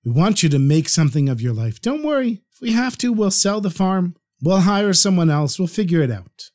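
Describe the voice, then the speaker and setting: A man's voice: high voice, very animated, brisk, darkish tone. A man voicing a kindly old male farmer, speaking in an encouraging, fatherly way.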